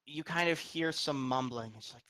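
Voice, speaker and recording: Game master, male, bright and a touch high, descriptive scene-setter who restarts sentences. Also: moderate pace, rough recording. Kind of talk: narrating a tabletop game.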